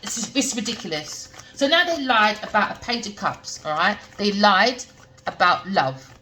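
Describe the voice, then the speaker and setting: A woman's voice: mid-range voice, lively intonation, a little slow, bright, forceful tone. A woman giving a spoken tarot reading, blunt and slangy, repeating her points to lecture the viewer. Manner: emphatic, repetitive, lecturing the viewer. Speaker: tarot reader.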